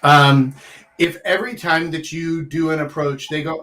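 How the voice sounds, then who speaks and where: Guy hosting a dating advice show, acts out what girls say, pretty lively. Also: fairly high pitch, a little slow. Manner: animated, acts out quoted reactions, emphatic. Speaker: podcast host and dating coach. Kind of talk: casual advice talk.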